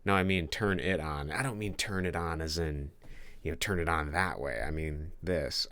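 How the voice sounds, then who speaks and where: A man's voice: extremely low pitch, normal speed, a bit bright. A man streaming as he codes a game, thinking aloud in a casual, rambling way and joking with his viewers. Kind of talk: casual live-stream talk while coding.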